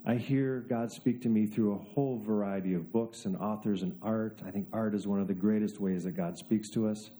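A man delivering a sermon in a very dark, mellow voice. He tells stories with dry, self-mocking humor and often sinks low and quiet for emphasis. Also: fairly even intonation, moderate pace, few pauses. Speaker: preacher.

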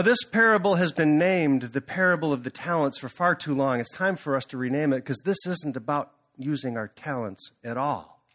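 A male pastor preaching a sermon, telling a story in an animated, dramatic way. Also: on the high side.

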